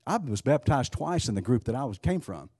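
A man's voice: medium pitch, very animated, fairly quick, a little mellow, breathy edge, dry recording, clean studio sound. A man preaching a sermon, emphatic, asking rhetorical questions and often restarting his sentences.

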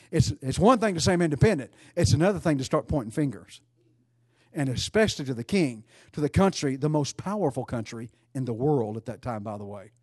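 A man's voice: mid-range voice, a little mellow, no room sound, studio quality. A man preaching a sermon, emphatic and repeating phrases for effect.

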